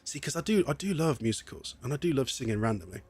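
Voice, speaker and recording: A man's voice: medium pitch, expressive, quick pace, darkish tone, husky. A young English man streaming live, chatting in a rambling way and laughing often, a bit wheezy from asthma. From England. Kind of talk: casual live-stream chat.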